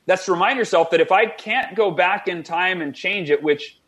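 This storytelling interview features a podcast guest, an author in his forties, recounting something from his own life at a fast, eager clip. He has a somewhat high voice for a man and acts out quoted voices as he narrates. The audio is a little bright.

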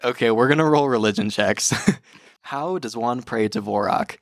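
A man's voice: mid-range voice, normal speed, dry recording, studio quality. A man narrating as dungeon master in a casual, chatty way. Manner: casual, chatty, many fillers. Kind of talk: narrating a tabletop game.

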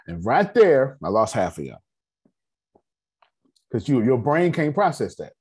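A man hosting a casual personal finance class on a video call, slangy and animated, talking straight to his group. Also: mid-range voice, a little slow, breathy edge.

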